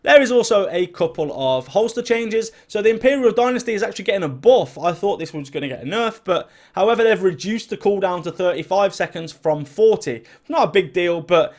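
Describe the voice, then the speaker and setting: A man with a fairly high voice runs through game update notes in a casual, chatty way. He gets excitable and throws in quick personal asides between the items he reads out. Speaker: gaming YouTuber. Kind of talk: casual patch-notes commentary. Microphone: desk mic at a home gaming setup.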